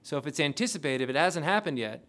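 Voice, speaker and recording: A man lecturing a class, quizzing the audience with rapid questions. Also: on the high side, animated, fairly bright tone. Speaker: lecturer on intelligence oversight.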